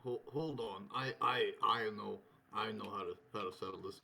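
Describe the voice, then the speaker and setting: A man's voice: on the low side, vocal fry, pushed and bright. A man playing a tabletop game, stammering through restarts as he haggles. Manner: stammering, quick to laugh while haggling. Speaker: player. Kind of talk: casual tabletop play.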